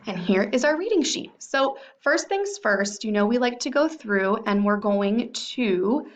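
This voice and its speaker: A young woman teaching a phonics lesson to young children, sounding out word parts slowly and clearly. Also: fairly high pitch, animated. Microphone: computer microphone.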